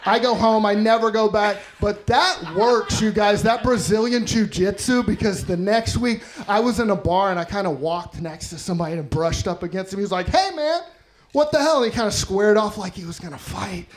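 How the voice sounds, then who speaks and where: A man's voice: sits high, steady tone, brisk, hardly any pauses. A man doing a stand-up comedy set in a club, telling wry, self-deprecating stories into a handheld mic, recorded live. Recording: noisy live stage recording.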